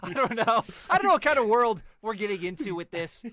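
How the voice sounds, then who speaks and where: A man's voice: high-pitched, very animated, a little fast, pushed and bright. A man hosting a casual podcast among casters, chatty and joking as he wraps things up. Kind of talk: casual chat.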